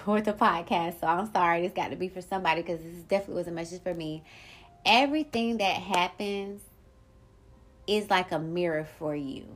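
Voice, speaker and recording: A woman talks straight to her listeners as a solo podcast host. Her delivery is blunt and profane, and she tells her stories in an animated, rambling way. Her voice sits at an ordinary middle pitch for a woman. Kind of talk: casual solo podcast monologue.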